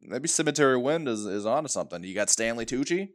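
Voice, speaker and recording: A man's voice: mid-range voice, lively intonation, fast talker. A man co-hosting a casual movie podcast, joking and laughing often. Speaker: podcast co-host. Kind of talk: casual chat.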